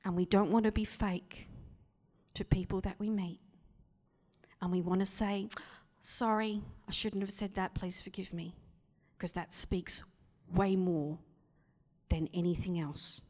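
A woman preaching a sermon, telling the story with lively acted-out voices and dropping into whispers. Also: lowish voice, measured pace, long reverb tail.

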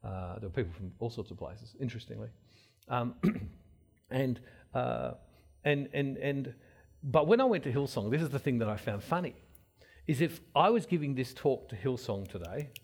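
Husky man preaching, rambling. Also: medium pitch, moderate pace. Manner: rambling storyteller, many restarts; animated, swings loud and soft. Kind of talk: informal sermon-style talk.

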